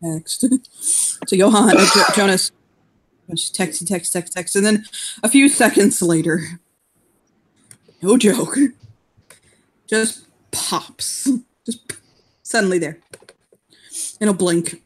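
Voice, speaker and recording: A woman's voice: mid-range voice, slightly rough. Giggly woman narrating her tabletop character. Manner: giggly, halting with restarts. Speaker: player. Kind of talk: casual tabletop role-play.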